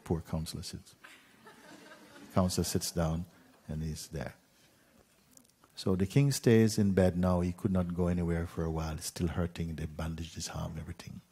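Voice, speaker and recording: A man gently telling a parable as a spiritual teacher, unhurried, with pauses and soft fillers. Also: sits low, steady tone, husky. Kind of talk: gentle spoken storytelling.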